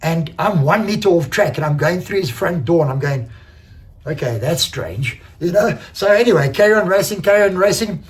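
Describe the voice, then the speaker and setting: Animated racer telling a story. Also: male voice, fairly high pitch, moderate pace. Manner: animated, swears freely, acts out quoted exchanges. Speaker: enduro racer. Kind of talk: casual race recap storytelling.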